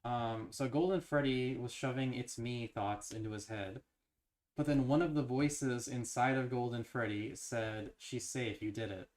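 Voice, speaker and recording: A man's voice: medium pitch, measured pace. A man streaming as he reads an interactive horror novel aloud, now and then tripping over words and breaking off to theorize eagerly. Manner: stumbles and restarts while reading, then breaks into excited theorizing. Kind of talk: reading a novel aloud on a livestream.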